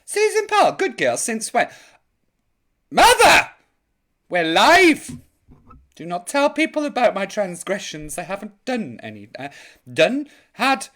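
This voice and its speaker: A woman's voice: medium pitch, wildly swooping pitch, normal speed. A woman hosting a live online chat show, camp, theatrical and gossipy in her comic banter.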